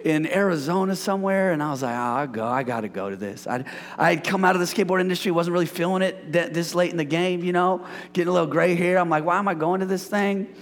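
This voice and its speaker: Gravelly high-voiced preacher in a reverberant hall. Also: male voice, fast talker. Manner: playful, energetic, joking with the congregation. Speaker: pastor. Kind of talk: sermon. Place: church sanctuary. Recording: long reverb of a church hall.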